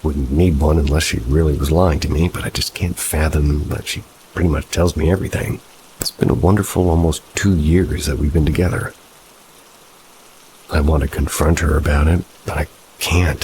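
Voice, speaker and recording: A man with an extremely deep, gravelly voice reads first-person horror stories in a steady, measured way. Soft rain patters faintly behind him. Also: a little hiss or hum, low-quality recording. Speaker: horror story narrator.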